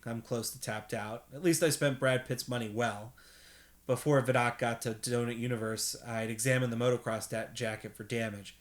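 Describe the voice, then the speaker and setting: A man reading a novel aloud at bedtime in a steady first-person narration, with an occasional slip. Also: medium pitch. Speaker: reader, host.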